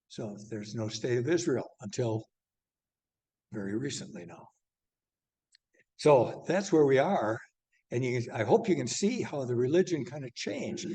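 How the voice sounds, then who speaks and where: An older man teaching an evening church class, talking his way through maps in a halting, rambling way. He stops and restarts often, with filler words. His voice sits at an ordinary middle pitch. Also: mellow.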